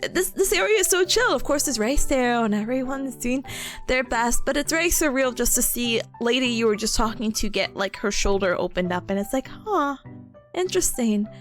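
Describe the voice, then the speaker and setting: A young woman streaming and chatting casually, telling stories in an animated way with bursts of laughter. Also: sits high. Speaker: VTuber streamer. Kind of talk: casual chat.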